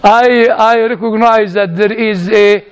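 A man with a non-native English accent entertains a laughing audience with humorous stories, often chuckling and repeating himself. His high voice is clean in tone, fairly even in intonation, and slow.

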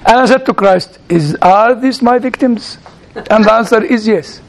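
Man, high voice, preacher, sermon by anecdote, stops and repeats words, chuckles. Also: vocal fry, a little hiss or hum. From outside the United States. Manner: halting, repeats words while searching, chuckling asides. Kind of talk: sermon told as personal stories.

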